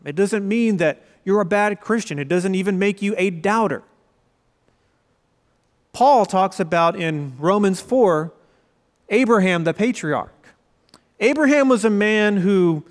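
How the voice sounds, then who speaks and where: A man's voice: sits high, expressive, unhurried. A young man preaching a sermon as pastor, conversational and storytelling, with quoted asides. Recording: long reverb of a large hall.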